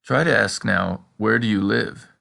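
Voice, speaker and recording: Low, gravelly-voiced man teaching a lesson. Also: pushed and bright. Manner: prompting the listener with questions and pauses; slows down for example sentences. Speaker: language teacher. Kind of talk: scripted language lesson.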